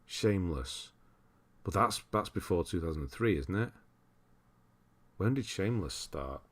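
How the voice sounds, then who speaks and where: A man's voice: deep voice, expressive, unhurried. A man casually chatting on a livestream, thinking aloud and laughing as he reads through viewers' lists. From United Kingdom. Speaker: streamer.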